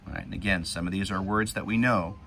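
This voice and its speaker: A man teaching young children to read, reading a picture book slowly and patiently, word by word. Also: sits low, fairly even intonation, vocal fry, bright, forceful tone, a little hiss or hum.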